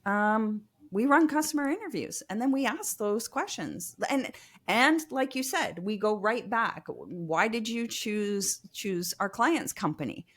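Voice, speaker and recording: Woman explaining in a lively way. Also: mid-range voice, unhurried. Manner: explanatory, lively, uses fillers like um and you know. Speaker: customer experience consultant, guest. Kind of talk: casual interview chat.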